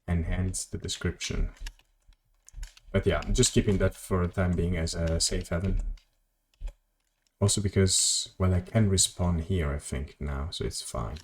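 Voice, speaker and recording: Deep-voiced man rambling over gameplay. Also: steady tone, unhurried, slight background noise. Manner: rambling, self-correcting, reads chat. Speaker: streamer. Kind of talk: casual gameplay commentary. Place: home office.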